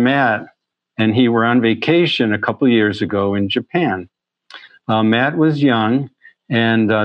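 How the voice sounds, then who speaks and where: A man, speaking at a middle pitch, tells stories to an audience the way a physician would in a lecture. He is earnest and often restarts his phrases. The recording sounds a little dull and lo-fi. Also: no echo. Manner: storytelling, earnest, with frequent restarts. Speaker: pain medicine physician. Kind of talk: presentation.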